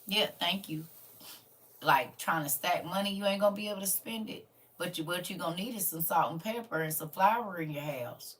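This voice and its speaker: A woman's voice: fairly low pitch, brisk, a bit bright, recorded from a distance. A woman, hosting a casual livestream and talking earnestly to her viewers as family. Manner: earnest, preachy, addresses listeners as family. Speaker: livestream host.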